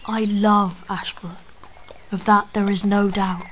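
A man's voice: high-pitched, flat delivery, takes it slowly, a bit bright, a little hiss or hum. A young man playing an earnest, poetic aspiring composer who is writing to his father. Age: young adult.

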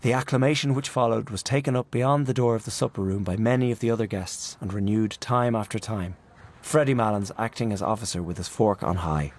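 A man reading a literary story aloud in a measured, expressive narration. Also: lowish voice. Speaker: audiobook narrator.

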